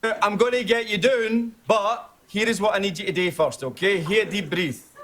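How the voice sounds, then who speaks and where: A man's voice: sits high, moderate pace, fairly bright tone. An actor playing a male Scottish air traffic controller in a TV comedy sketch, coaxing and full of local slang. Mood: soothing. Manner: coaxing, talks in thick local words. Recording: studio audience laughter behind.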